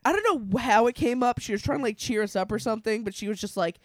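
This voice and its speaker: A woman's voice: a little high, lively intonation, fast talker. Giggly, cussing woman podcast host. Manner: laughing, profane storyteller. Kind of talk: casual chat.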